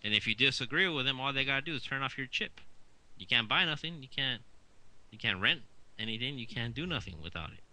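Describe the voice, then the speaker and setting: Bright-voiced man, emphatic and insistent. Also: medium pitch, lively intonation, quick pace, rough recording. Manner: emphatic, insistent, rambling restarts. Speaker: co-host. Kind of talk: casual conspiracy talk.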